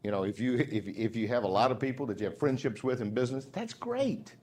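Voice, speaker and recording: A man's voice: medium pitch, fast, a little mellow. A man delivering a motivational speech to a dealership team. His voice sits in an ordinary middle range, and his manner is folksy and loose, with restarts and self-mocking humor. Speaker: sales trainer, motivational speaker.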